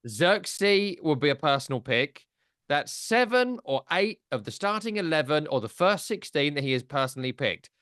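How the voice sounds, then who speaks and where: A man's voice: on the high side, big pitch swings, moderate pace, a bit bright, smooth, no echo, studio quality. A man co-hosting a football podcast, talking in a casual, wry and teasing way. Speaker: podcast co-host.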